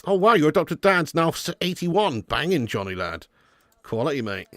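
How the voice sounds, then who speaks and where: A man's voice: a little high, big pitch swings, normal speed, a bit bright, no echo. A young man hosting a live football watch-along, chatting casually and bantering with viewers. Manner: chatty, banter with viewers, jokey put-on accents.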